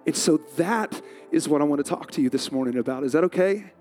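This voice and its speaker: A man's voice: fairly high pitch, fast talker, darkish tone, soft background music. Man preaching with laughing, self-mocking stories. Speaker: pastor. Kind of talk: sermon.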